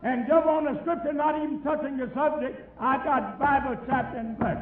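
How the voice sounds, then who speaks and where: A man's voice: very high voice, steady tone, brisk, slight background noise. A man in a heated public debate who insistently repeats his demand for a scripture. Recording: tinny echoey distant recording.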